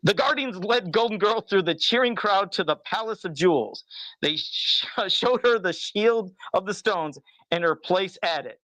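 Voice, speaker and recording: A man's voice: high voice, lively intonation, moderate pace, bright, forceful tone, no echo, rough recording. A man co-hosting a podcast, reading a storybook aloud in a casual way and chuckling as he goes. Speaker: podcast co-host.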